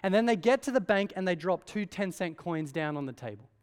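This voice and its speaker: Preacher in a reverberant hall. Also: male voice, high-pitched, lively intonation, a little fast, smooth. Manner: conversational preaching with frequent "right?" checks. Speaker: pastor. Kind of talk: sermon.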